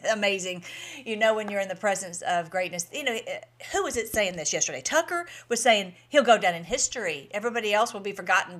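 A woman's voice: mid-range voice, a bit bright. A woman hosting a casual commentary video, chatty and rambling, often restarting her sentences.

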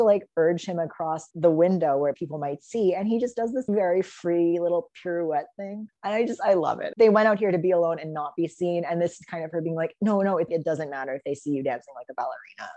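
A woman's voice: on the low side, dark tone, no room sound. A woman on a podcast, talking casually and eagerly about a novel, laughing often and acting out quoted lines.

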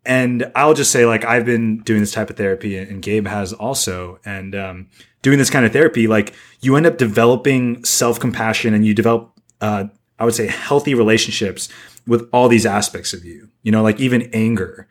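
A man with a lowish voice co-hosts a podcast at a moderate pace. He chats casually and rambles, leaning heavily on "like" as a filler.

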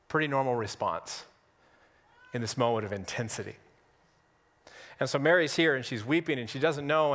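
Conversational pastor in a reverberant church. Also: male voice, mid-range voice, fairly bright tone. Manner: conversational, humorous, with dramatic pauses. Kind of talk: sermon. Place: church sanctuary on Easter Sunday.

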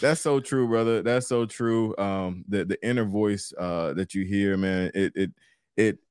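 Man, podcast co-host, lowish voice, dry sound, casual and chatty. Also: unhurried, a little mellow, smooth, no echo. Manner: laid-back, chatty, says "man" a lot.

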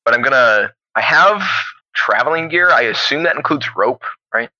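A young man playing a tabletop game, chatting casually and thinking out loud with hesitant restarts. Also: medium pitch, animated, normal speed, no room sound. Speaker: player. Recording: dull, dry lo-fi sound.

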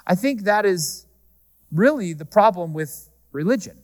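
A man preaching a sermon, talking to the congregation in a conversational, humorous way and shifting often between loud and soft. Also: sits high, animated, unhurried. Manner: conversational preaching with humor, varying pace and volume. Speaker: pastor. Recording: reverberant hall.

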